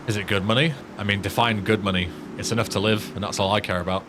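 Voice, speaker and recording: A man's voice: on the low side, fairly even intonation, quick pace, background noise. A man with an English accent, a game streamer chatting casually and swearing while he plays. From England. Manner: laid-back, sweary, self-mocking. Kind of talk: casual gaming commentary.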